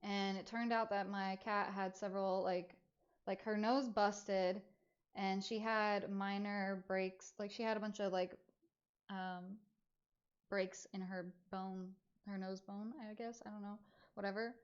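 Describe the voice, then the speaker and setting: A woman streamer chatting casually as she tells a personal story, full of rambling fillers. Her voice sits in a middle pitch. The stream audio sounds a bit dull and muffled. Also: measured pace. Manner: rambling, filler-heavy, animated retelling.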